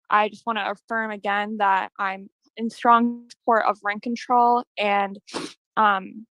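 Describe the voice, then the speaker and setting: A woman giving public comment over a video call, earnest and hesitant, with many pauses and ums. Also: medium pitch, a bit bright, no echo, low-quality recording.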